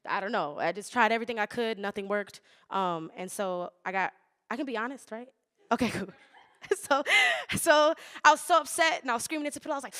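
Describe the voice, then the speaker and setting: A young woman performing spoken word poetry, with rhythmic, measured recitation and loose, laughing, swearing banter between poems. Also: on the high side, a bit bright.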